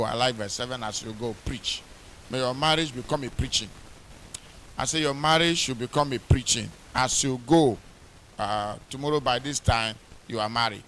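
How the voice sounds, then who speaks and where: A middle-aged pastor preaches in a church. He reads scripture aloud with building force, stresses and repeats key words, and fills his pauses with "uh". His pitch sits in the ordinary middle range for a man. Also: a bit bright. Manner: repeats words for emphasis, many "uh" fillers. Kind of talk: wedding sermon.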